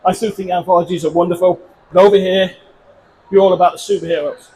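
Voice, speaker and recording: A man's voice: high voice, steady tone, quick pace, mellow, a little hiss or hum, poor audio. An English man in his fifties, a comic book creator giving a chatty, self-deprecating convention panel talk to a small audience. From England.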